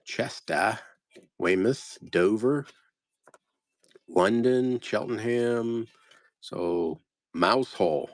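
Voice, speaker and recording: A man sorting postcard lots for resale talks casually and extremely slowly, pausing often as he mutters one place name after another and trails off. His voice sits on the low side. The clean studio recording has no room sound.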